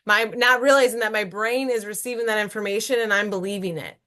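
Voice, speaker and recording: A woman's voice: medium pitch, quick pace. Earnest woman in her thirties. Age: 30s. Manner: earnest, animated, frequent "right?" asides. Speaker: guest entrepreneur. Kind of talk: casual interview chat.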